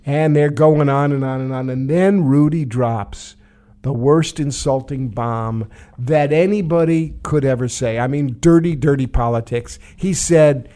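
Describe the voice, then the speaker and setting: A man's voice: mid-range voice, unhurried, warm tone. A man from New York, a former congressman, trading wry political commentary and stories in a casual chat. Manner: wry, sardonic storytelling. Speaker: show host, former congressman.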